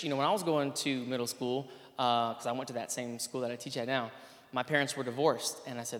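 A man's voice: mid-range voice, fairly even intonation, fast talker, fairly bright tone. A man, a PE teacher, giving a casual and earnest spoken testimony, full of fillers and restarts. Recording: long hall reverb.

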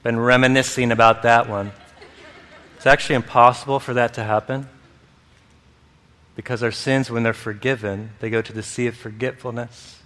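A man's voice: mid-range voice, fairly even intonation, moderate pace, long pauses, a bit bright. A man preaching a sermon, telling stories with laughter and acting out the voices of people in them. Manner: storytelling, acts out quoted voices, laughs often. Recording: long hall reverb.

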